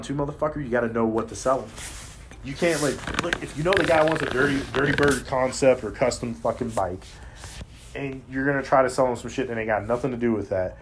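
A man talking in a casual chat, blunt and profane, telling animated stories as a podcast host. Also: medium pitch, quick pace, slight background noise.

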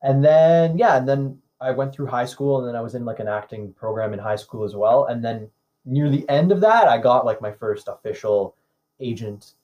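Guest, male, young adult, from Canada; easygoing storyteller with lots of filler words, relaxed conversational delivery. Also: mid-range voice, normal speed, highs cut off. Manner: easygoing, rambling, frequent "like" and "um". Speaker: actor guest. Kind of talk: casual interview chat.

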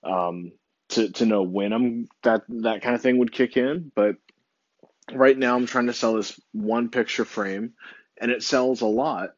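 A man's voice: mid-range voice, measured pace, no room sound. A man talking casually to camera, thinking aloud in a hesitant way with fillers. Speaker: online seller. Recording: dry, dull lo-fi sound.

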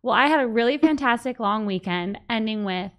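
A woman's voice: on the high side, expressive, fairly quick, a bit bright. A woman hosting a podcast, chatting casually and laughing easily. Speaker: podcast host. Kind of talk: casual chat.

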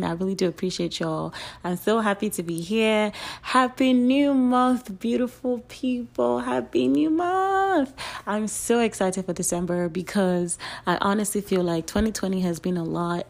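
A young woman hosts her own solo podcast in a somewhat low-pitched voice. She gushes at her listeners, repeating phrases for emphasis. Excited bursts give way to soft, trailing asides. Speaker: podcast host.

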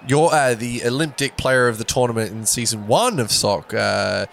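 A man doing jokey, excitable cricket commentary as co-host. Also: mid-range voice, normal speed, creaky, a little hiss or hum. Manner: excitable, jokey, bursts into shouts.

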